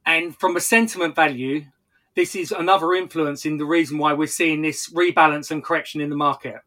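A man giving technical market analysis on a podcast, explaining in a measured way with occasional stumbles and restarts. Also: fairly high pitch, steady tone, bright, forceful tone.

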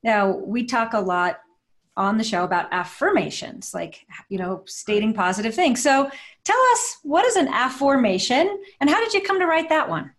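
A woman's voice: on the high side, big pitch swings, normal speed, fairly bright tone. Female talk-show host, upbeat, questioning a guest. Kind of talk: interview conversation.

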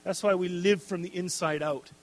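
A man's voice: sits high, steady tone, normal speed. A man preaching a casual, conversational sermon, checking in with "okay?" and adding jokey asides. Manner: conversational, tags lines with "okay?" and "right?".

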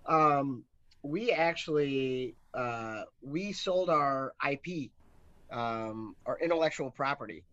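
A man appearing as a brewery co-founder guest in a casual interview, speaking hesitantly with many pauses and restarts. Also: mid-range voice, lively intonation, a bit bright, dry recording. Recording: dull, dry lo-fi sound.

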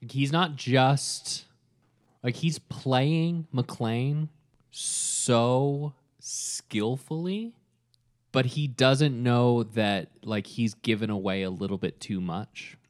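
Thoughtful man co-hosting, halting speech. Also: medium pitch. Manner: thoughtful, halting with many fillers. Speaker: podcast co-host. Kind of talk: casual film discussion.

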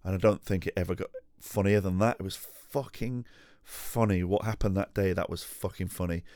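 A man's voice: low-pitched, steady tone, normal speed, warm tone, no echo, clean studio sound. A man hosting a podcast on his own, chatting casually at home in a sweary, self-mocking, rambling way. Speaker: podcast host. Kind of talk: casual chat.

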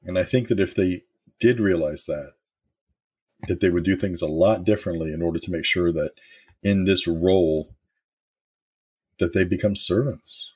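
Middle-aged man, low husky voice, candid storyteller giving a motivational leadership talk. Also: moderate pace, pauses often, a little mellow. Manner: candid and storytelling, with occasional swearing. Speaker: former manager sharing leadership lessons.

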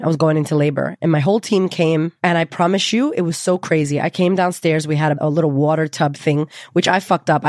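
A woman hosting a podcast, telling a personal story in a candid, lively way and swearing freely. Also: low voice, no echo, clean studio sound. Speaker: podcast host.

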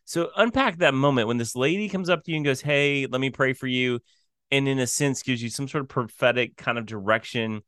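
A man from the American Midwest co-hosting a podcast, asking questions in a relaxed, wry way. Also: medium pitch, a little fast, clean tone, no echo. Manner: relaxed and wry, trails off and drops into a murmur. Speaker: podcast co-host. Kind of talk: casual conversational podcast chat.

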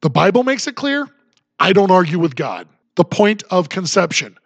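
A man's voice: high voice, very animated, normal speed, gravelly, no echo. A man hosting a political commentary podcast, talking in an emphatic, combative and sarcastic manner. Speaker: podcast host.

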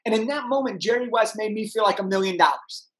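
A young man, a podcast guest, telling an energetic story and acting out the people in it. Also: high-pitched, fast talker, a crowd in the background, low-quality recording. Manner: animated, acts out voices in his anecdotes.

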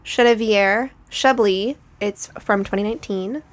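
A woman co-hosting, walking through a wine tasting in a measured, descriptive way. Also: medium pitch, fairly bright tone. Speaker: co-host leading a wine tasting. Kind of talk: casual tasting commentary.

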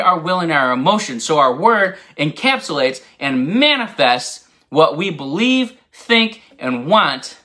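Man, preacher, casual bible teaching, excitable, rambling asides, tense bright tone. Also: on the high side. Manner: enthusiastic, rambling, laughs at own asides.

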